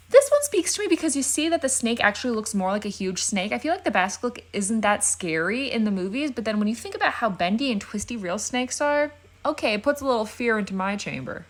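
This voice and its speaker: A woman's voice: on the high side, fairly bright tone. A young woman giving comedic reaction commentary, wry and playful, full of sarcastic asides. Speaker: YouTuber.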